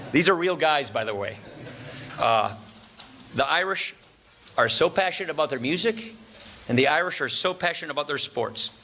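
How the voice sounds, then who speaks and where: A man's voice: on the high side, expressive, normal speed, pauses often, pushed and bright, a little hiss or hum. A man from Wisconsin giving a formal lunch speech, cracking jokes and chuckling at his own punchlines. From Wisconsin, USA. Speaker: speaker at a political luncheon.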